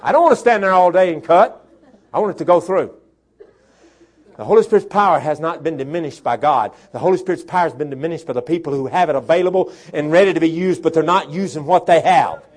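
A man preaching a sermon as pastor, dropping to quiet talk and rising to shouted preaching. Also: on the high side, fast. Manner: swings from soft talk to shouted preaching, imitates a chainsaw.

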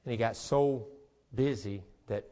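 A man preaching a sermon as pastor, moving between quiet, conversational talk and fervent, shouted rhythmic passages. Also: medium pitch, measured pace. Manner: repetitive, rhythmic preaching cadence.

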